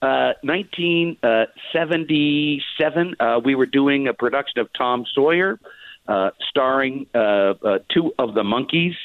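A man's voice: medium pitch, no room sound. A man calls in to a radio show over a tinny phone line, his voice sitting in an ordinary middle range. He halts often, stacking fillers and restarting his sentences. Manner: halting, many fillers and restarts. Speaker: theater producer guest.

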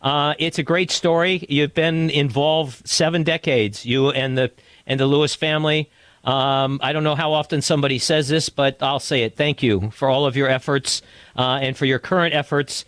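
A man's voice: a little high, steady tone, moderate pace, a bit bright, no echo. A male radio host with a slightly raised voice leads the chat, circling back and restarting his questions as he goes. His studio mic sounds close and completely dry, with no room around it. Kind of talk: radio interview.

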